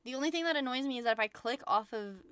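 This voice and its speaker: A woman VTuber chatting casually on a livestream, rambling excitedly and swearing often. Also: a little high, quick pace, clear, resonant tone, no room sound. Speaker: VTuber streamer.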